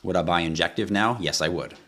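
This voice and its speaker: A man's voice: deep voice, quick pace, fairly bright tone. A man hosting a crypto livestream, ranting passionately with rhetorical questions and frequent swearing. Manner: rhetorical questions, pleading with viewers. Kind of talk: casual livestream talk.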